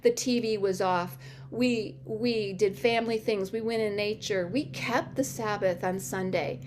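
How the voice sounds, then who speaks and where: Soft music plays in the background as a middle-aged woman gives her personal testimony to a church audience at an unhurried pace. She dramatizes quoted conversations lively, with sudden high-pitched exclamations.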